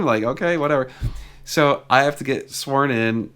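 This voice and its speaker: A man tells a story to his vlog audience in a loose, conversational way. He talks at a mid pitch, typical for a man, and strings his account together with frequent "like" fillers. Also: lively intonation, a little fast, a bit bright, clear, resonant tone. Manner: chatty, retells exchanges with lots of "like" fillers. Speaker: car vlogger. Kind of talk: casual storytelling.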